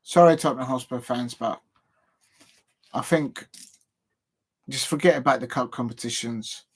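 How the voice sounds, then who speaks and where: Unhurried, with a breathy edge to his medium-pitched voice, this English host of a live football show rambles through his match predictions. He's self-deprecating and keeps talking directly to his viewers.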